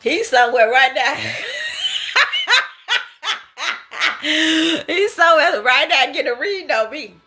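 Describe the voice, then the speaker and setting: A woman's voice: high voice, expressive, moderate pace, sharp tone, soft background music. A woman sharing her prophetic dreams in a casual spoken monologue, emphatic and slangy, often laughing and exclaiming.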